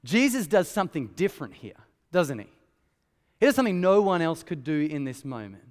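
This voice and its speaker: A man preaching a sermon in a church, telling the story conversationally with lively asides. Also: on the high side, fairly quick, long reverb tail. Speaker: pastor. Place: church hall.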